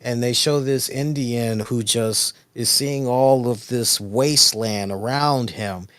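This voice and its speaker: Excitable rambling man, dry close sound. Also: mid-range voice, slow pace, dry recording. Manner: rambling, excitable, profane storytelling. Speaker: podcast co-host. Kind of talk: casual chat.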